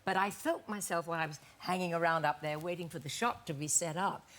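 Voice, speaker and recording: An older woman telling an anecdote as a talk show guest, animated and acting out the lines she quotes. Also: on the low side, brisk. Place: TV studio with live audience.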